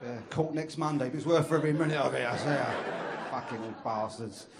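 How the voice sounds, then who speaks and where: A man's voice: mid-range voice, brisk. A male stand-up comedian from London with a London accent, chatting with the crowd and delivering crude punchlines. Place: comedy club stage. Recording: live comedy club, noisy.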